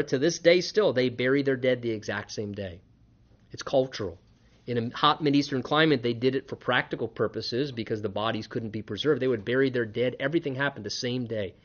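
Earnest preaching man, dull lo-fi recording. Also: mid-range voice. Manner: earnest, swings between hushed and emphatic. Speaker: pastor. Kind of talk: sermon.

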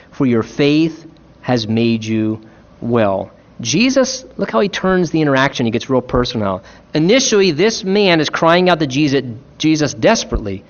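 Man preaching a sermon, impassioned, slightly high voice, dull lo-fi recording. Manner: impassioned, rising and falling preaching delivery. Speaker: pastor.

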